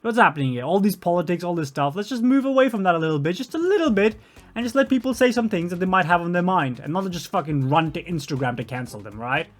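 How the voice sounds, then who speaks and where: A man's voice: high-pitched, lively intonation, fast. A young man with an Australian accent giving rambling, sarcastic, sweary reaction commentary. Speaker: commentary streamer.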